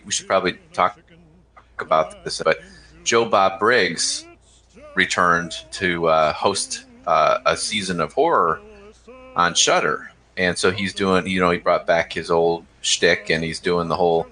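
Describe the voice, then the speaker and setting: Deep voiced podcast guy, bright forward tone, chatty, loves sharing movie trivia. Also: low-quality recording. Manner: chatty, eager to share trivia. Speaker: podcast co-host. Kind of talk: casual movie review chat.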